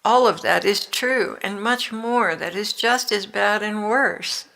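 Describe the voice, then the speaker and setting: An older woman reading the words of Jesus as a gentle, loving divine man, with tender, encouraging exhortation in a devotional reading. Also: mid-range voice, slow pace, gravelly, heavily acted.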